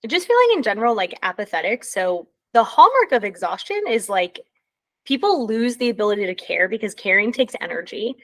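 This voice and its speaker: A woman's voice: mid-range voice, big pitch swings, moderate pace. A woman presenting on emotional exhaustion in a casual way, filling her talk with many ums and likes and yawning now and then.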